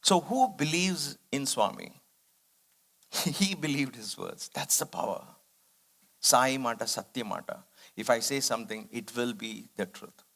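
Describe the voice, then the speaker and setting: Medium pitch, animated, at a measured pace, with vocal fry and a slightly bright quality. He's telling a devotional study circle a personal spiritual story, reflective and earnest, acting out the quoted exchanges.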